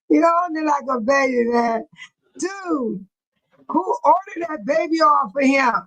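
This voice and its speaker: A woman's voice: sits high, animated, measured pace, a bit bright, low-quality recording. An older woman, hosting a casual livestream, laughing often and teasing viewers by name as she reads the chat. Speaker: livestream host reading chat.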